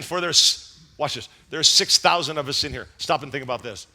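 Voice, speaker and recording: A middle-aged pastor preaches with storytelling, animated as he acts out scenes and voices. His pitch is on the high side and his delivery brisk.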